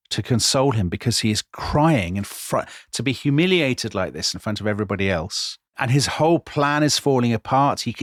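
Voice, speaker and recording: A man retells history in an animated, conversational way, as a podcast co-host. His pitch sits in the middle of the male range. The sound is dry and close. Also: no echo. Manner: vivid, dramatic retelling with quoted voices. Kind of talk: animated storytelling chat.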